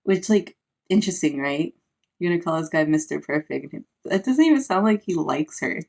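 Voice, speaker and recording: A woman's voice: on the low side, lively intonation, moderate pace, gravelly, darkish tone. Woman, sarcastic, casual book recap, lots of filler words. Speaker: book reviewer; parent.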